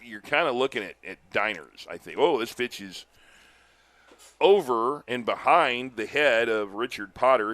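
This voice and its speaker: An older man doing live baseball play-by-play, chatty and telling stories between pitches, lifting his voice on big plays. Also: a bit bright. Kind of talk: live baseball commentary with chat.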